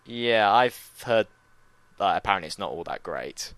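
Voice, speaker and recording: A man co-hosting a casual pop culture chat, chatty and quick to mock with little put-on voices. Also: on the low side, animated, fairly bright tone, clean tone, no echo. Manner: chatty, slips into mocking voices for quotes. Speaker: podcast co-host.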